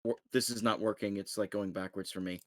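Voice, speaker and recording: A man's voice: lowish voice, fairly even intonation, a little fast, a bit bright, dry recording, clean studio sound. A man playing in a tabletop role-playing game, talking hesitantly with many fillers. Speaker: player. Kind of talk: casual play over voice chat.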